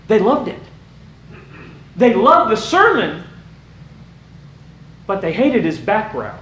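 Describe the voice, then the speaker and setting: A man preaching a sermon to his congregation, animated and rising to shouts for emphasis. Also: sits high, a little slow, long pauses. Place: church sanctuary. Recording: roomy church sound.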